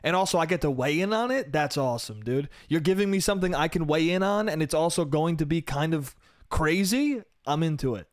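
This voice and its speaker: A man's voice: fairly high pitch, expressive, a little fast, no room sound, clean studio sound. A man hosting his own solo comedy podcast, telling stories in a loose, swearing way and laughing at his own jokes. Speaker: podcast host.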